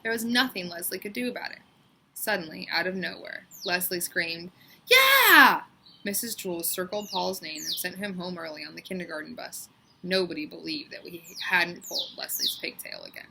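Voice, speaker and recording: A woman reading a children's book aloud with lively, expressive storytelling. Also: on the low side, fairly quick, vocal fry, heavy background noise. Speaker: storybook reader.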